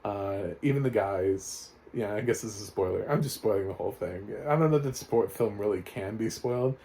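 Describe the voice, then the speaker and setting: A man's voice: lowish voice, brisk, gravelly, warm tone. A man reviewing a film in casual, rambling talk with sarcastic asides.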